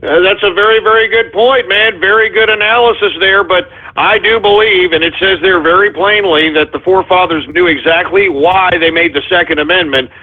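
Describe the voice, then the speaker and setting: A man's voice: high voice, fairly even intonation, moderate pace, few pauses. A man hosting a call-in radio show, agitated and swearing, a little out of breath. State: winded. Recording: phone-like narrow audio.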